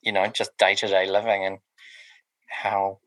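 A man's voice: deep voice, completely flat delivery, unhurried, sharp tone, no room sound, poor audio. A man, co-hosting a casual podcast and reviewing music, rambling with lots of ums and restarts. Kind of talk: casual chat.

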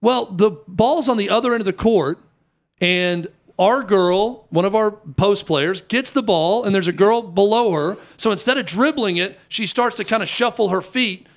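A high-pitched man in his thirties tells a long story in a casual chat. He talks in an animated way and jumps up in pitch whenever he acts out the people in it. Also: normal speed. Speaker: youth basketball coach telling a story.

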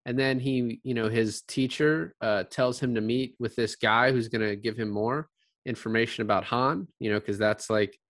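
A podcast co-host with a mid-range voice chats casually about a film at a normal speed. He rambles through the plot in an animated retelling, acting out the characters' lines in quoted voices. The studio sound is clean, with no room sound.

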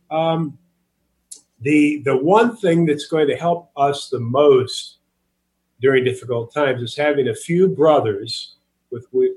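A man's voice: medium pitch, darkish tone, a little hiss or hum, poor audio. A man, a guest author, earnestly telling a story and teaching in a podcast interview, with a preacher's cadence, often repeating words as he starts sentences.

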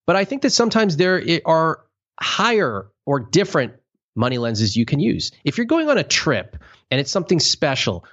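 Brief: male podcast host, very expressive pitch, slightly dull lo-fi sound, acts out quotes. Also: normal speed. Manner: animated storyteller, acts out quotes in exaggerated voices. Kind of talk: casual podcast talk.

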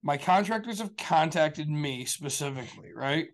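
Man, slightly higher voice, rambling casual chat, swears a lot, lots of fillers. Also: animated, moderate pace. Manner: rambling, profane, filler-heavy storytelling. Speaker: show regular.

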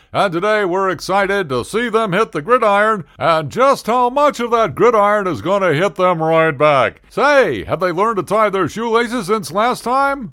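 A man voicing a brash male football announcer who mocks his own team in booming play-by-play. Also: sharp tone, heavily acted.

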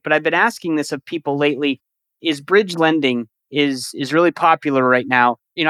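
A man's voice: on the high side, a bit bright, clear, resonant tone, no room sound. A man hosting a podcast interview, asking questions and agreeing in a thoughtful way, with small restarts. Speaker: podcast host.

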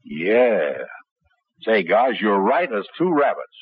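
An actor playing an easygoing, folksy young radio performer in a 1950s radio drama. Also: male voice, fairly low pitch, very animated, slow pace, husky, no echo, full character voice. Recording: tinny old radio broadcast.

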